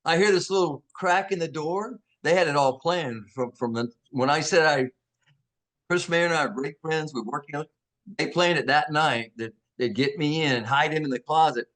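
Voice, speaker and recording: Older male actor, interview guest; higher-pitched voice, animated anecdotes full of impressions and restarts. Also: normal speed. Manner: animated, acts out quoted voices, frequent restarts. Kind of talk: anecdotal storytelling.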